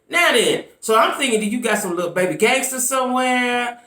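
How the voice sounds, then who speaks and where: A woman giving casual commentary on her vlog, chatty and animated, often tossing in "right?" asides. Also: fairly high pitch, brisk, reverberant. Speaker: YouTube commentator.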